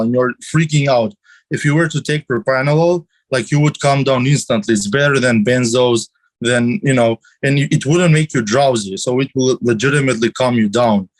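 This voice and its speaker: A man's voice: medium pitch, poor audio. A man on a podcast explaining things at length, with many restarts and fillers. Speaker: podcast guest. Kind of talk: casual podcast chat about drugs.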